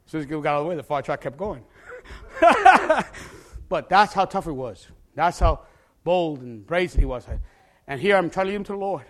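A male pastor preaching a testimony with passion, often bursting into shouts and repeating words as he starts a phrase. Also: fairly high pitch, very animated, normal speed, long pauses.

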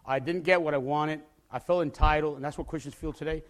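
A male pastor preaching a testimony with passion, often bursting into shouts and repeating words as he starts a phrase. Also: a little high, steady tone, fast.

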